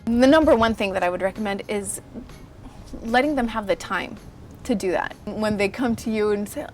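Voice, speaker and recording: A woman illustrator in her thirties chatting casually in an interview, telling lively stories and acting out the voices of people she quotes. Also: medium pitch, moderate pace, soft background music. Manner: animated storyteller, acts out quoted voices.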